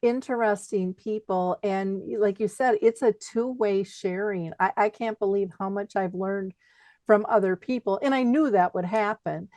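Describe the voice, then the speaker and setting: A woman hosting an interview show, talking in an animated, expressive way and laughing easily. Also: mid-range voice, normal speed, no room sound. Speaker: podcast host. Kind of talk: conversational interview.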